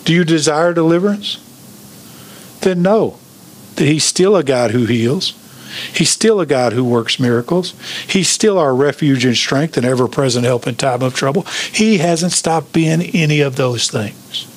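A pastor preaching an emphatic sermon, asking the congregation questions. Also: male voice, mid-range voice, animated, moderate pace.

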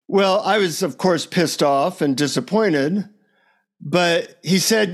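Animated storytelling man, fairly high voice. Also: normal speed. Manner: animated, anecdotal, chuckling. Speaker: podcast guest. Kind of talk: casual storytelling interview.

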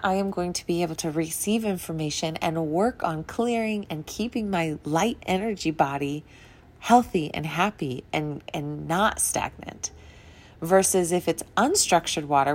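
A woman's voice: fairly low pitch, darkish tone. A young adult woman hosting a podcast, talking in an earnest, emotional, rambling way about wellness. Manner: earnest, emotional, wandering sentences with laughs. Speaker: podcast host. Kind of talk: casual spiritual monologue.

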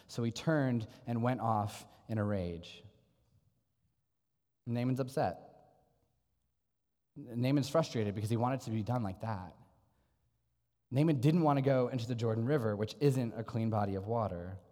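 A man's voice: medium pitch, moderate pace, long pauses, mellow, in a large hall. A man preaching a sermon in an earnest, conversational way, asking his listeners rhetorical questions. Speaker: pastor.

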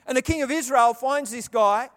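A man preaching a sermon, telling the story with animated delivery and acting out the characters' lines. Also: extremely high pitch, normal speed. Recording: long reverb of a large hall.

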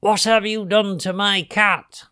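A man voicing an angry old witch who shouts and threatens in a shrill voice. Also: slow, smooth. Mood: alarmed.

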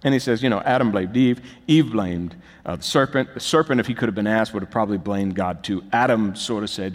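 A man's voice: on the low side, fairly quick, few pauses. A man preaching a sermon as pastor, emphatic and building to urgent, rising peaks. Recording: long reverb of a large hall.

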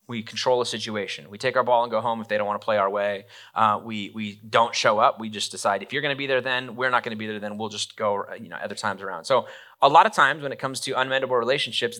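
A man's voice: mid-range voice, bright, forceful tone. A man giving a casual, conversational sermon, acting out quoted lines as he goes.

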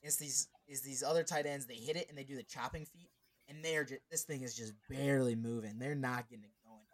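This is a man in easy, casual sports talk on a podcast. His pitch sits in an ordinary middle range. He rambles and gets animated, often rattling off numbers. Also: fast talker, no room sound. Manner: animated, rambling, reads stats aloud. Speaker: podcast co-host.

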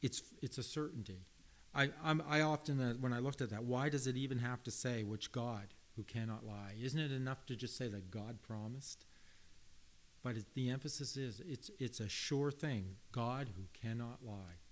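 A man preaching in an earnest, emphatic way, pausing to stress key words. He reads scripture aloud, then repeats phrases with small stumbles and restarts. His voice sits at an ordinary middle pitch for a man. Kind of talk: sermon.

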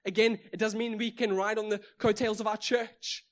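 A man's voice: high voice, little pitch movement, a little fast. A South African man with a South African accent preaching a sermon, emphatic, with repeated phrases and rhetorical questions. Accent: South African English. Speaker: pastor.

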